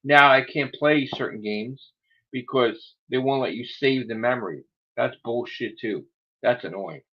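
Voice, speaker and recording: A man's voice: medium pitch, unhurried. A man hosting a casual livestream chat, rambling through grumbling asides while losing his voice. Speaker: livestream host. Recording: dull lo-fi sound.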